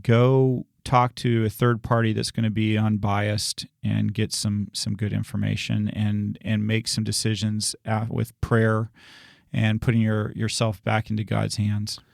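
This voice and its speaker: A man speaking as a pastor in a relaxed sermon discussion, earnest and reassuring, often restarting his sentences. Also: fairly low pitch, measured pace, creaky, no echo, clean studio sound.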